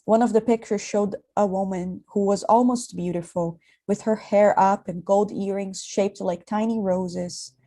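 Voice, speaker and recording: A woman reads a literary story aloud in a calm, measured voice. Her tone is dark and mellow rather than bright, and she lets each image settle. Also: mid-range voice. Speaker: reader. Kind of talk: literary reading.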